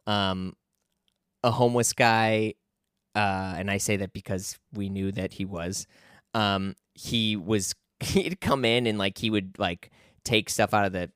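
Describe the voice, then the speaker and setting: A man's voice: on the low side, steady tone, unhurried, fairly bright tone, clear, resonant tone, no room sound, clean studio sound. A young man talking casually as a podcast guest, telling a rambling story full of fillers and restarts.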